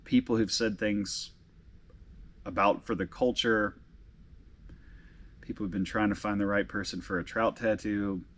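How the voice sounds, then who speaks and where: A man in his thirties hosting a casual vlog, reading fan messages aloud, halting and emotional with frequent restarts. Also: on the low side, fairly even intonation, a bit bright. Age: 30s. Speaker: vlog host and tattoo artist.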